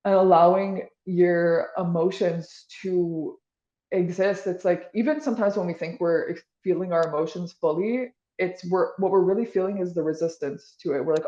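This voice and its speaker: A woman's voice: lowish voice, moderate pace, warm tone. Woman guest rambling casually, lots of likes, echoey room, kinda muffled. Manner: rambling, full of "like" and restarts. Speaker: podcast guest. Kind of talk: casual interview chat.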